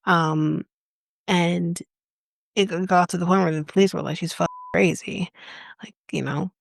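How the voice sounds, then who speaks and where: A woman's voice: lowish voice, steady tone, moderate pace, creaky, no room sound. A Canadian woman co-hosting a podcast, retelling a story in casual chat in an indignant, impassioned and blunt way. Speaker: podcast co-host.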